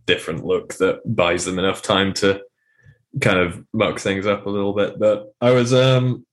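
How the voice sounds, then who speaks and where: A man co-hosting a sports podcast, talking through games in a measured, analytical way with frequent hesitations. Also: sits low, steady tone. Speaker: podcast co-host. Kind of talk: casual sports chat.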